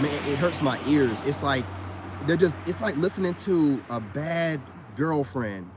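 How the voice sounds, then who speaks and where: A man's voice: fairly high pitch, background noise. A middle-aged man ranting in a profane, boastful monologue full of street slang. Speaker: online commentator.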